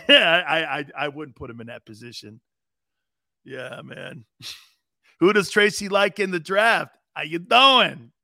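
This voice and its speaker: A man in his fifties hosts a live sports show, rambling through an old story and acting out each quote. His voice sits a little high and sounds bright and forceful. It is recorded close to the mic in a dry room. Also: takes it slowly, creaky, dry recording. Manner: laughing, rambling anecdote with acted-out quotes. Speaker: host.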